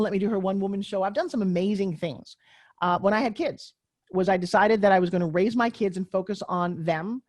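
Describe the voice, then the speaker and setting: A middle-aged woman speaking as a guest in a podcast interview. She talks with emphatic, energetic drive, pushing her points hard like a motivational speaker. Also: mid-range voice.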